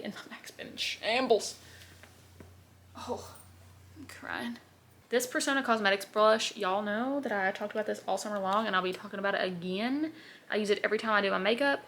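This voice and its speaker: A woman's voice: mid-range voice, creaky, pushed and bright, a little hiss or hum. A young woman, chatting in a bubbly, rambling way while doing her makeup on camera. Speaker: beauty vlogger. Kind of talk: casual get-ready-with-me chat.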